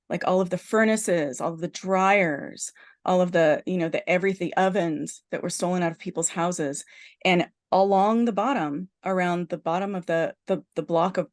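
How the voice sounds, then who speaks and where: A woman podcast host in casual chat, retelling a film plot as an animated storyteller full of restarts. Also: fairly low pitch.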